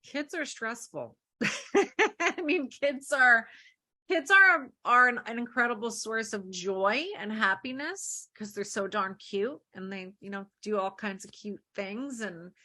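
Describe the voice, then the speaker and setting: Bright-voiced woman lawyer giving advice. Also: on the high side, takes it slowly. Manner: earnest, talks in rhetorical questions. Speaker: divorce lawyer. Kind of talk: interview answers.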